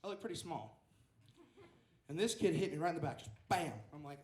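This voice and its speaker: A man's voice: a little high, brisk, roomy sound. A young man telling a rambling story at an open mic stand-up set, acting out the quotes. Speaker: stand-up comedian. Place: small club stage.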